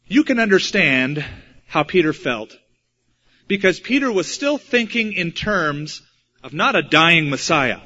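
Male preacher, fairly high voice, dramatic storytelling sermon, dull lo-fi recording. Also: sing-song, a little slow, pushed and bright. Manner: dramatic, acts out quotes with shifting pitch and volume.

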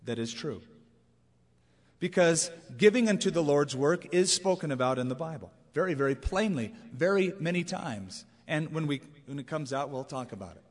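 A man's voice: a little high, expressive, normal speed. A man preaching a sermon as a pastor, in a conversational, emphatic way with anecdotes. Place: large church auditorium. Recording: long reverb of a large hall.

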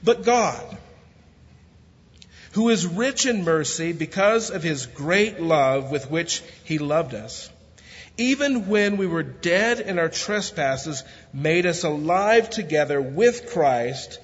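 A man preaches a sermon in a large church, his voice sitting a bit high for a man. His reading of scripture is steady, and it gives way to easy jokes and fervent preaching, with a bit of a country way of talking. A long hall reverb trails each phrase, and the recording sounds slightly dull. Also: takes it slowly. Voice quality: self-described country way of talking. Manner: reads scripture steadily, then jokes and preaches with rising fervor. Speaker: guest pastor.

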